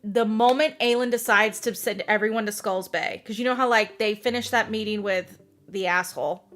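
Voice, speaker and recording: A young adult woman hosting a casual book podcast. She talks in an animated way, laughs often and acts out scenes as she tells them. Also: mid-range voice, normal speed. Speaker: podcast host. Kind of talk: casual chat about books.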